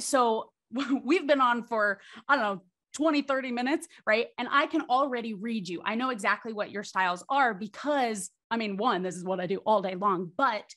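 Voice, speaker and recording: Animated woman with a higher voice. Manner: animated, ends points with "right?"; acts out quoted voices. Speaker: podcast guest, charisma coach. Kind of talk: explanatory interview talk.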